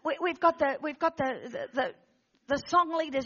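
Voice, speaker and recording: A woman preaching an impassioned sermon, swinging between loud exhortation and hushed intensity, with frequent restarts. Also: high-pitched, moderate pace, highs cut off. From Australia. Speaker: guest preacher.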